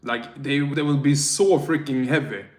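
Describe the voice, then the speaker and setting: A man's voice: medium pitch, moderate pace, darkish tone, reverberant. A tipsy man from Sweden with a Swedish accent, chatting casually on a livestream and reading out chat in a rambling, slangy, self-mocking way.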